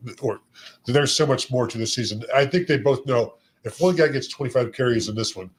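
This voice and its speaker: A man co-hosting a sports podcast in casual chat, rambling with restarts, his voice going hoarse. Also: mid-range voice, brisk. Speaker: podcast co-host. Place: convention center.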